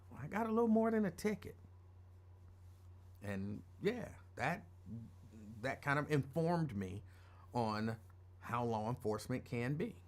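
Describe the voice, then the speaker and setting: A middle-aged male radio host tells a personal story in a casual, rambling, conversational way that keeps drifting off topic. His voice sits fairly high, with big swings in pitch, a measured pace and long pauses.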